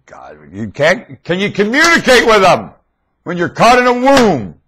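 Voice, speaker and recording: A man recorded on a webcam mic at home, rambling in a monologue that swings between loud outbursts and mumbling. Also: high voice, wildly swooping pitch, a little slow, slight background noise.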